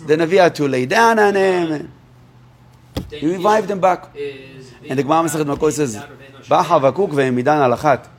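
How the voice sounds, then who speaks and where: Animated man telling a sermon story. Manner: animated retelling, acting out dialogue with big pitch swings. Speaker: rabbi.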